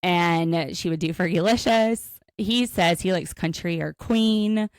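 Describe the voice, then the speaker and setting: Woman podcaster recapping episodes, gravelly lowish voice, dry close mic. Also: measured pace, dry recording. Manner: animated storytelling, acts out quotes. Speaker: podcast co-host. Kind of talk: casual recap chat.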